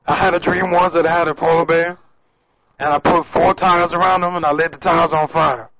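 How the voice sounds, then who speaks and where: A man's voice: on the high side, little pitch movement, fairly quick, natural voice. A man playing a crude, boastful prank caller who drawls and calls people baby, on muffled lo-fi audio. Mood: sleazy boasting.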